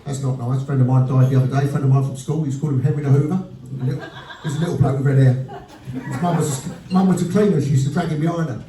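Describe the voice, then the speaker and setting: A man in his fifties doing a stand-up comedy set, with blunt, deadpan storytelling and crude punchlines, recorded at a live venue with audience laughter behind him. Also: medium pitch, racing, a crowd in the background. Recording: roomy live venue sound from a distance.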